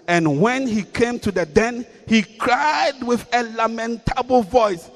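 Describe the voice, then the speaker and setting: A man's voice: extremely high pitch, animated, a little slow, few pauses, in a large hall. A man preaching a sermon, reading scripture and repeating key lines with rising emphasis.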